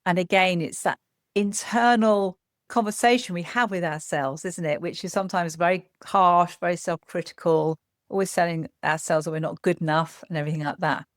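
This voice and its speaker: Woman therapist, slightly gravelly, dry close mic, gentle explainer. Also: on the low side, no room sound. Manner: gentle, explanatory, frequent "as well". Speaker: psychotherapist guest. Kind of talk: podcast conversation giving practical tips.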